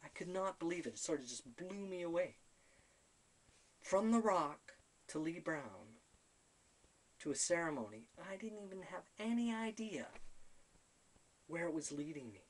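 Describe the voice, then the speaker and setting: Man recounting a story with animated delivery. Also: on the high side, measured pace, pauses often. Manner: animated, quotes conversations in his own voice. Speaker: spiritual storyteller. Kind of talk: personal story told to camera.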